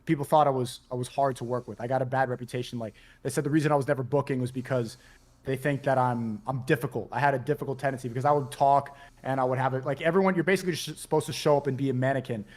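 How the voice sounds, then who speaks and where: A man's voice: medium pitch, steady tone, rapid-fire, darkish tone. A young man speaking hesitantly in casual stream chat, with many restarts as he tells a confessional story. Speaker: former model, stream guest.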